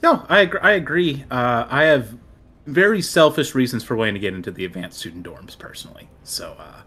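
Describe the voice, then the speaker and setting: A man's voice: mid-range voice, lively intonation, brisk, a bit bright, slightly rough. A man playing a tabletop game, joking and laughing often between lines. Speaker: player.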